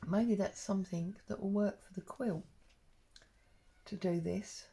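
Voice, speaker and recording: A woman's voice: medium pitch, steady tone, measured pace, heavy background noise. A woman talking casually and rambling as she works on an embroidery project, with plenty of ums. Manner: rambling and chatty, with frequent ums. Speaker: craft vlogger. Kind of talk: casual stitch-along chat.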